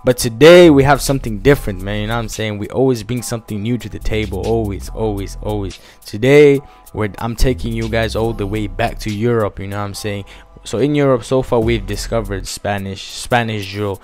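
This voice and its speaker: Young male reaction vlogger, lowish voice, energetic and repetitive, soft music underneath. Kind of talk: casual hyped-up vlog chat. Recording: faint music behind.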